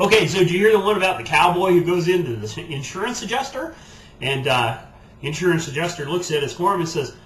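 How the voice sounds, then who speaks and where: A man's voice: on the high side, big pitch swings, fairly quick, a bit bright, slight background noise. A man telling corny cowboy jokes for kids in a playful way, chuckling at his own punchlines. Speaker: ukulele performer telling jokes. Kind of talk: corny kids' jokes and sing-along. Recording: roomy echo with banjo music.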